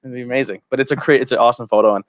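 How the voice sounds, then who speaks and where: Fast-talking, profane male podcast host. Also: mid-range voice, steady tone, dry recording. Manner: fast, loose, profane banter. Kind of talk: casual chat.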